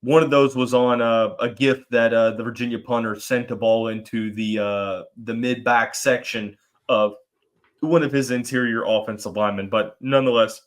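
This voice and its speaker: A man's voice: medium pitch, normal speed. Joking man hosting a sports podcast. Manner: animated, joking, rambling with restarts. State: has the hiccups. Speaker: podcast host. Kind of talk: casual sports podcast chat.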